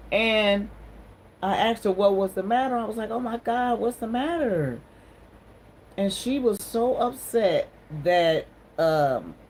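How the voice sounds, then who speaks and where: A woman's voice: medium pitch, rough recording. A woman hosting a casual livestream on her phone, greeting viewers and talking in an encouraging, sermon-like way. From Ohio. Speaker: livestream host.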